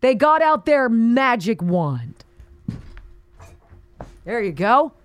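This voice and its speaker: A woman's voice: on the high side, big pitch swings, takes it slowly, long pauses. A woman hosting a talk radio show, delivering an indignant, sarcastic monologue with mocking asides.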